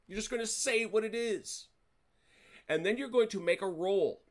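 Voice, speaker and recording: Man, fairly high voice, hosts a wargame and explains the rules casually with dry jokes. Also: expressive, normal speed. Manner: chatty, self-correcting, wry jokes.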